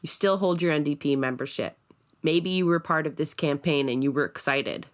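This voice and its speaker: Lady podcast host, low voice, asks pointed questions straight out. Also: moderate pace. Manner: direct, rhetorical questions. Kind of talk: casual political discussion.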